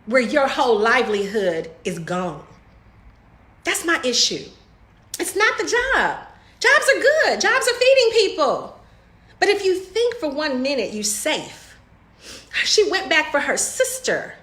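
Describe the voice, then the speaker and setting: Woman, motivational coach, bright high voice, echoey room. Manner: preachy, emphatic, addresses viewers as y'all. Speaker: home business coach. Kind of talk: motivational talk to camera.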